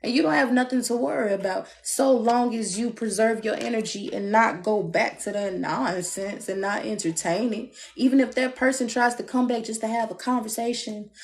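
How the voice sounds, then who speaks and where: A woman giving a live-streamed love reading, blunt and animated, with playful asides. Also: a little high, moderate pace, hardly any pauses. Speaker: tarot reader. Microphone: phone.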